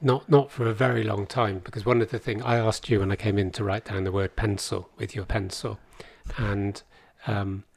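A man's voice: on the low side, steady tone, normal speed, gravelly, hardly any pauses, a little mellow, husky, dry recording. A man in his fifties, a podcast guest telling a long, rambling story with dry humour. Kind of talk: casual conversation.

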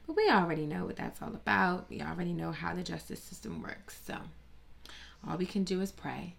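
A woman's voice: on the low side, expressive, fairly quick, creaky. A woman vlogger delivering a dramatic, profane, mock-grieving comedic rant with plenty of sass.

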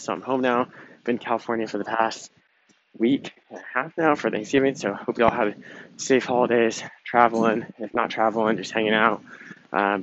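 A man's voice: fairly low pitch, a bit bright. A young man hosting a podcast, talking in a casual, emphatic, motivational way with some swearing. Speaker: podcast host. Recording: dull lo-fi sound with faint noise.

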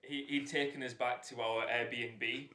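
A man's voice: mid-range voice, fairly even intonation, measured pace, bright, forceful tone. A young man with a Hull accent, co-hosting a podcast in casual chat, joking and breaking into laughter. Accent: Hull English. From England. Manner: jokey, bursts into laughter. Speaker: podcast co-host. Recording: echoey room with faint noise.

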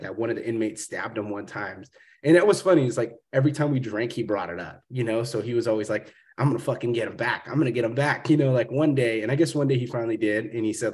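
A man's voice: medium pitch, darkish tone. A man hosting a podcast, talking in a rambling, profane, casual way and calling his guest brother. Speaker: podcast host. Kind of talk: casual interview chat.

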